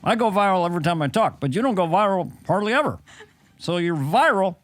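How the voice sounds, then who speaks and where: A man's voice: high-pitched, lively intonation, no room sound, faint music behind. A man doing a lecturing ex-president impression. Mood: teasing lecture. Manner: teasing, lecturing with pauses and fillers. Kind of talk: comedy impression on a podcast.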